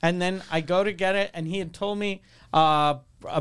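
A man hosts a loose podcast chat and rambles through anecdotes full of filler words. His voice is high for a man and comes through smooth and clear. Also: steady tone, normal speed, fairly bright tone. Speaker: podcast host. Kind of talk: casual chat.

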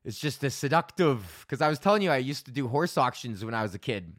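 Talking fast with big pitch swings, a medium-pitched, slightly bright voice drives this casual solo podcast rant, recorded in a clean studio with no room sound. The host, a stand-up comic from Alberta, rambles through a long, profane story, laughing and acting out both parties.

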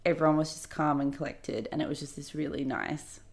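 Low, gravelly woman telling a story. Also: a little fast. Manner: animated storytelling, acts out quotes. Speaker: podcast co-host, journalist. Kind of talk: casual chat.

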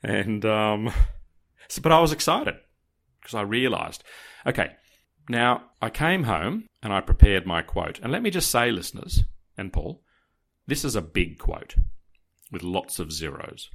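Man, lowish voice, animated storyteller, casual podcast chat, talks to listeners. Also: measured pace, vocal fry. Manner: animated, dramatic, addresses listeners directly. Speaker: podcast co-host telling a story.

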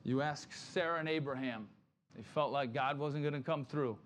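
A male pastor preaching a sermon in a conversational way, often checking in with "right?" and acting out Bible figures in quick quoted lines. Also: on the high side, a little hiss or hum.

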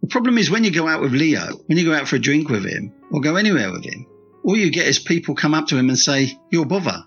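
A man's voice: fairly high pitch, sing-song, fast talker, fairly bright tone, lo-fi sound, faint music behind. A man, an author and screenwriter, tells stories in an interview, rambling through restarts and fillers and repeating his praise. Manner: rambling, with many restarts and "you know" fillers; enthusiastic, repeating words of praise. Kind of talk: candid interview storytelling.

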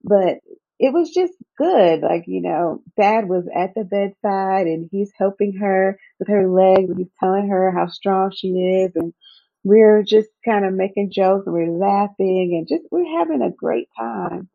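A woman's voice: mid-range voice, a little slow, creaky. A woman physician recalling a birth in an interview, in a chatty storytelling manner. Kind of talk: interview recollection. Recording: phone-like narrow sound.

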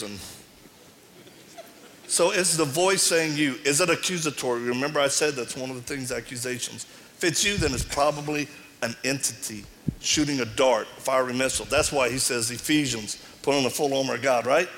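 A man's voice: mid-range voice, moderate pace, a little hiss or hum. A middle-aged man preaching a sermon to a live audience, telling stories and acting out the dialogue with animation. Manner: animated storytelling, acts out dialogue. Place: large hall before an audience. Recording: reverberant hall.

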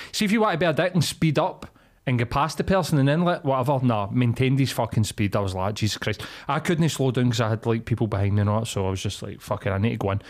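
A young Scottish man co-hosting a podcast, telling a sweary road-rage story in casual chat and acting out the voices. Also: mid-range voice. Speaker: podcast co-host.

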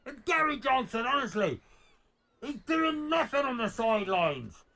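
A man's voice: extremely high pitch, sing-song, moderate pace, gravelly, sharp tone, voice pushed up, full character voice. A man voicing a grumpy old male football fan, sarcastic and exasperated, swearing constantly in a comedy sketch. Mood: grumbling. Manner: sarcastic, exasperated, keeps saying "bloody hell".

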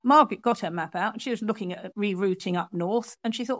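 A woman author telling an animated story in an interview, acting out the people she quotes. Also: medium pitch, fast talker, hardly any pauses, no room sound. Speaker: author and guest.

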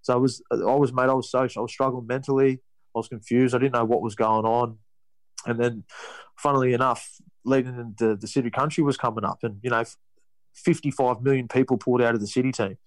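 A young Australian man tells a long story in a relaxed interview, and the words come quickly. He restarts and loops back over himself constantly. His voice sounds dry and close to the mic. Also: medium pitch, no room sound, low-quality recording. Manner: rambling with many restarts and "you know". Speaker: guest, rugby league player.

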